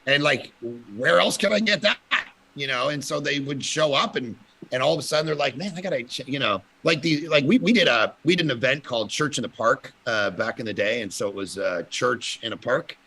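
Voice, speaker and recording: A man, a pastor, telling lively stories in a casual conference talk, with loud bursts of emphasis and frequent laughter. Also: medium pitch, a little fast, husky. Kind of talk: casual storytelling at a conference panel.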